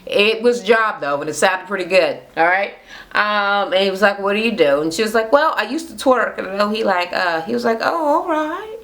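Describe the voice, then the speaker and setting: A young woman rants through a reality TV recap straight to her camera. She swears freely and jumps into little voices to act out what the cast said. Her voice sits at an ordinary pitch for a woman. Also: brisk. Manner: profane, animated, acts out quotes in voices. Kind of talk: casual recap rant. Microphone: camera mic, talking to camera.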